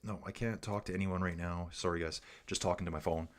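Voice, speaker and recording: A man's voice: low voice, fairly even intonation, fast. A man hosting a casual livestream, giving race commentary and reading viewer comments aloud in a chatty, joking way.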